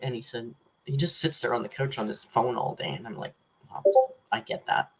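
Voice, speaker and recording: Low husky-voiced woman, chatty livestream host, rambling and teasing, reads super chats. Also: fairly quick. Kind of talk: casual live chat reading super chats.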